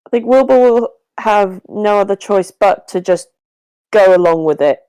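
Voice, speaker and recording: A woman's voice: medium pitch, moderate pace, warm tone, clear, resonant tone, dry recording, low-quality recording. A woman playing a tabletop game, hesitant and searching for her words. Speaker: player. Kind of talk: casual game talk.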